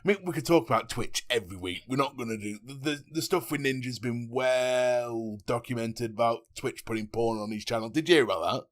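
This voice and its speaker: A man's voice: mid-range voice, fairly quick, few pauses. A man co-hosting a casual gaming podcast, jokey and laughing often. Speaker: podcast co-host.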